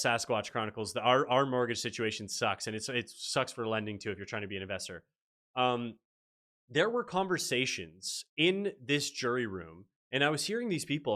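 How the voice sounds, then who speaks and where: A man hosting a casual livestream, telling stories with animation and answering chat. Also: mid-range voice. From Canada. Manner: animated storyteller reading chat aloud. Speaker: livestream host.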